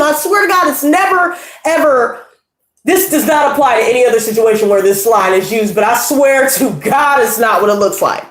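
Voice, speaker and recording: A woman's voice: fairly high pitch, expressive, normal speed. A young woman casually telling a personal story, rambling and swearing, with a lot of "you know" and "like". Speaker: tarot channel host. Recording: echoey room.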